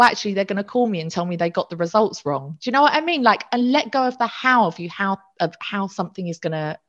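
A woman, candidly telling an emotional personal story and swearing casually. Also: medium pitch. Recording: slightly dull lo-fi audio.

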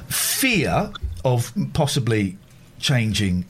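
A middle-aged man with a husky voice, hosting and talking openly and emotionally in a rambling, casual chat. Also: medium pitch, big pitch swings, moderate pace, slight background noise. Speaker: host.

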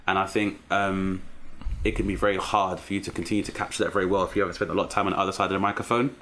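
A man in his thirties with a London accent, a comedian telling animated stories in a casual interview. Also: low voice, rapid-fire, slight background noise. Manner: animated storyteller, acts out strict relatives. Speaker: comedian guest.

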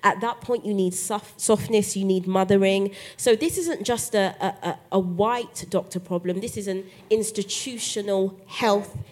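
A guest author with a mid-range voice recounts her story in a live podcast interview on a festival stage, speaking a little slowly and with hardly any pauses. She tells it in an animated way, voicing the other characters herself.

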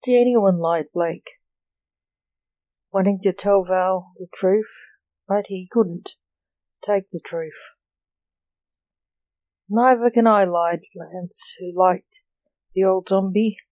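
A storyteller reading fiction aloud in a measured, plain way. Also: medium pitch, flat delivery, warm tone, no echo, rough recording.

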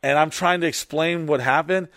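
A man spins a rambling, swear-filled story in casual chat. He gets loud and lively at the big moments. The sound is dry and close. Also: on the high side, moderate pace, no room sound. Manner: animated, profane, rambling storytelling.

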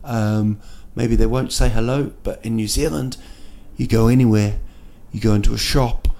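A man hosts a casual solo podcast from an indoor room in a city at night. His lowish voice is warm and creaky, with fairly even intonation and a moderate pace, and he rambles and jokes with frequent fillers and restarts.

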